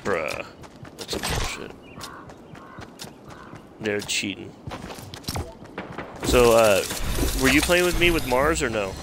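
Profane young man streaming over loud noise. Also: medium pitch, very animated, takes it slowly, vocal fry, pauses often. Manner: profane, laughing storyteller. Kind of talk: casual gaming chat.

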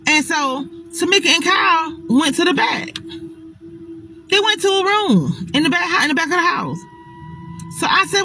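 Animated, profane woman telling a story. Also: sits high, moderate pace, slight background noise. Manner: profane, animated, talks to viewers as "y'all". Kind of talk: casual storytime. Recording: echoey room with faint music.

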